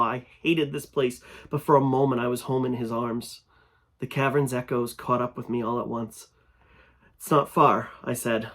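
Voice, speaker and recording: Man, fiction reader, first-person horror narration, middling pitch, grows louder and tense in scary parts.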